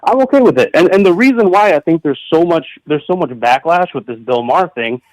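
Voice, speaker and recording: A man's voice: fairly high pitch, lively intonation, brisk, no room sound, low-quality recording. A man calling in to a radio show, defensive and trying to steer the talk back on topic. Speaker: caller. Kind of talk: call-in debate.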